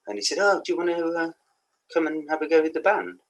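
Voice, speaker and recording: A man's voice: a little high, big pitch swings, fast talker, rough recording. A man in his sixties with a Black Country accent, rambling through anecdotes as a podcast guest. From England. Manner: rambling anecdotes with laughs and asides. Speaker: guest musician. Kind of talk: casual podcast interview.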